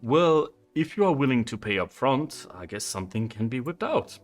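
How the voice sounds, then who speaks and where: A man voicing a brusque male hotel manager with a heavy put-on Italian accent, talking fast in a tabletop role-play. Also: medium pitch, very animated, soft background music, close to an everyday voice. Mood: bargaining. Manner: fast, smooth haggling.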